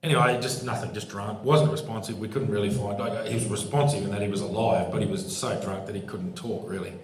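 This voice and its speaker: A man's voice: fairly low pitch, steady tone, quick pace, crowd noise. A man, a former police supervisor, telling laughing anecdotes as co-host of a live podcast show. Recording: echoey live pub room.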